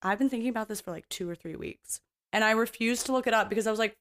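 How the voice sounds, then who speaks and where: A woman with a fairly high voice talks fast while hosting a podcast solo. Her casual chat is rambling and blunt, full of free swearing, self-mockery and playful opinions.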